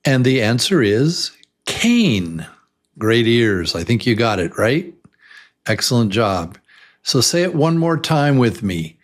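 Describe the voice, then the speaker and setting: A male English teacher who speaks very slowly, drawing out each sound and repeating words for beginners. He sounds enthusiastic and encouraging, with a voice of middling pitch. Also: sing-song. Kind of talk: slow beginner English lesson.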